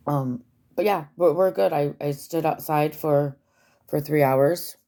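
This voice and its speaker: Woman, very low voice, gravelly fry, casual livestream chat, rambling, swears. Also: a little slow, dark tone. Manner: rambling, swears freely, many fillers.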